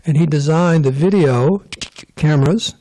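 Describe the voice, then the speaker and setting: A man's voice: on the high side, unhurried, mellow. A man giving a casual scripture class, rambling and joking with digressions. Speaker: temple class speaker.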